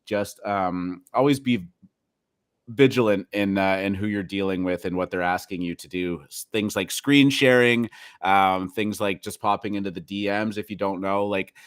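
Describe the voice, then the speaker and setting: Male co-host, low voice, dry close mic, rambling casual delivery with fillers. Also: moderate pace, smooth, no room sound. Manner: rambling, hesitant, many fillers. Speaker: co-host of a crypto news show. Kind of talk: casual chat.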